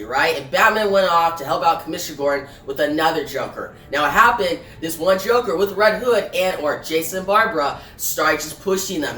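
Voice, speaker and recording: A man's voice: fairly high pitch, bright, forceful tone. A man casually recapping and reviewing a comic book, talking loosely with many fillers. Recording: echoey room, from far off.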